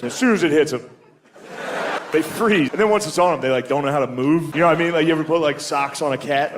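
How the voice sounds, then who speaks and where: A man's voice: fairly high pitch, animated, fast, background noise. A man doing a crude, conversational stand-up set, chuckling as he talks. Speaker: stand-up comedian.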